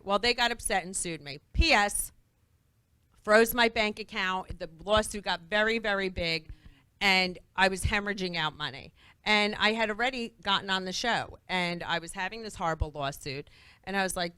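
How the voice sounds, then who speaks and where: A woman talks as a guest on a talk show, her voice bright and forceful. She tells stories animatedly and acts out what others said. The sound is dry and close. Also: mid-range voice, fairly quick, smooth, no echo. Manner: animated, acts out quoted dialogue. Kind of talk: lively storytelling talk-show interview. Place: studio before live audience.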